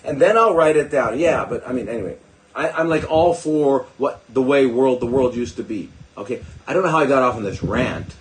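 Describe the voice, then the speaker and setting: A man's voice: mid-range voice, expressive, brisk, rough recording. An older man, a doctor hosting a live stream, talking in a digressive, sarcastic way with mocking asides to his viewers. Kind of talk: rambling live-stream talk.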